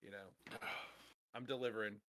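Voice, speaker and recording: A man's voice: on the low side, steady tone, measured pace, sharp tone. A man playing a tabletop game, rambling with lots of fillers and laughs. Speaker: player. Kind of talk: casual tabletop role-play.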